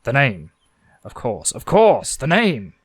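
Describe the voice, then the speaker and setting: Aussie guy doing an eager plump little man all amazed, bouncy pitch, dry sound. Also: huge pitch swings, takes it slowly, breathy edge, no echo, heavily acted. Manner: eager, wondering. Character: plump curious man, enthusiastic.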